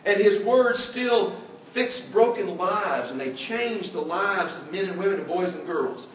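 High-voiced preacher in an echoey church. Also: male voice, animated, a little slow, slight background noise. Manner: earnest, rising and falling emphasis, acts out quoted voices. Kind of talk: sermon. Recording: echoey room, mic at a distance.

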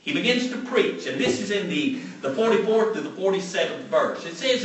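Man, preacher, sermon, storytelling, emphatic repetition, lively swooping pitch, heavy echo, distant mic. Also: brisk, few pauses. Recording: very echoey room, mic far off.

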